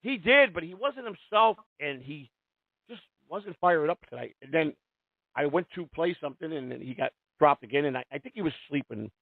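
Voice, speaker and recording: Hosting a call-in radio show, a man rambles profanely and restarts himself a lot in casual call-in talk. His voice is fairly high, expressive, and gravelly at a normal speed, with no room sound. The audio has a tinny, dry phone-line quality.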